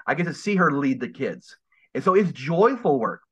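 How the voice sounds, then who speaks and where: Emphatic preachy male guest, slightly high voice, dull lo-fi recording. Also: very animated, moderate pace, a bit bright, breathy edge. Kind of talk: casual podcast interview. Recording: dull lo-fi sound.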